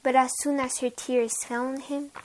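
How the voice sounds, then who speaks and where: A woman reading a bedtime fairy tale aloud in a gentle, even storytelling manner. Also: high voice, unhurried, slight background noise.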